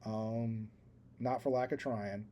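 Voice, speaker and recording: A man's voice: lowish voice, fairly even intonation, takes it slowly, warm tone. A man co-hosting a podcast, telling a rambling, self-deprecating story in casual chat and laughing at himself. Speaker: podcast co-host.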